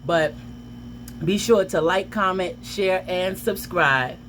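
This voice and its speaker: A woman vlogger telling a personal story in a casual, animated way, with dramatic outbursts. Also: on the low side, slow, a little hiss or hum.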